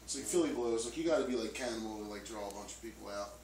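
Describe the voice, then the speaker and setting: Speaking very fast in a fairly low, slightly mellow voice, a band member gives a casual interview full of fillers, restarts, and loose rambling. The sound is roomy with a distant mic and a bit of faint noise.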